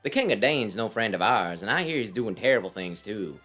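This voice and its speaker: A man's voice: lowish voice, lively intonation, fairly quick, a bit bright, faint music behind. A man voicing a plainspoken, folksy male farmer militiaman while reading a game aloud.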